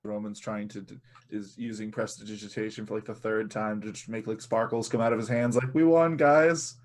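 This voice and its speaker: A man's voice: on the low side, completely flat delivery, fairly quick. A man playing a tabletop game, talking in a casual, rambling way. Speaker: player.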